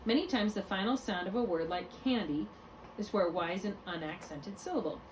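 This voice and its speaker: A reading tutor teaches phonics one-on-one, fairly quick yet patient and step-by-step, often stopping to correct herself. Her voice is mid-pitched, captured by a distant mic with faint room hiss.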